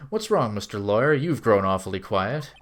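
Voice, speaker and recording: A man's voice: on the low side, animated, normal speed, a bit bright, a little hiss or hum, pitched below the performer's own voice. Guy doing a smug sing-songy villain, all fake sweetness and taunts, voice swoops around. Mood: taunting. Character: smug, two-faced young male celebrity villain.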